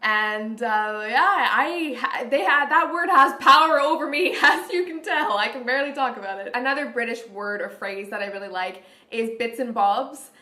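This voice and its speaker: A woman's voice: a little high, expressive, moderate pace, few pauses, pushed and bright. A woman vlogging in a chatty, gushing way, full of "like". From Canada. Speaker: beauty vlogger. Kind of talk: casual vlog chat. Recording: roomy echoey room.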